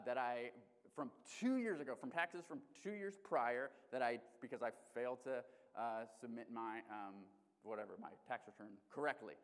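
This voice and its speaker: A male pastor with an Alaskan accent preaching a sermon in a conversational, animated way, restarting often. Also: medium pitch. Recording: long hall reverb.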